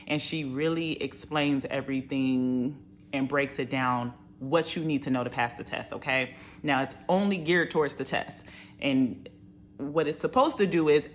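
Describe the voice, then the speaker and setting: A woman's voice: sits low, fairly bright tone. Nurse lady chatting about her study book, keeps repeating stuff, bit of hiss in the back. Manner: chatty, emphatic, repeats points. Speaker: nurse reviewing a study course. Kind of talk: casual review talk.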